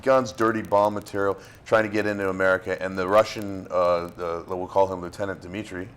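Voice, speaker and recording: A man from Florida, an actor being interviewed, talking in a relaxed, halting way with fillers and restarts. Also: deep voice, smooth. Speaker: actor guest. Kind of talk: casual interview talk.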